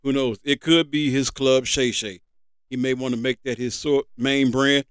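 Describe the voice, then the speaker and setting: A man's voice: medium pitch, fairly even intonation, normal speed, clear, resonant tone, no echo. A man hosting a sports podcast, reading sports news and adding casual asides of his own. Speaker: podcast host.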